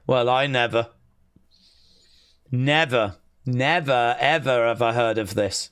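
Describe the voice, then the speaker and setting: A man hosting a live watch-along stream, chatting casually, reading out viewer comments and calling the action with sudden excitement. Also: mid-range voice, slow, pauses often, clear, resonant tone, no room sound, clean studio sound. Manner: excitable, chatty, reads chat aloud.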